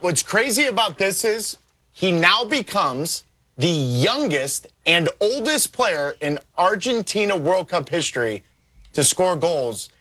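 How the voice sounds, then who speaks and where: A man working as a soccer analyst, giving excited studio analysis on a TV sports show. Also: sits high.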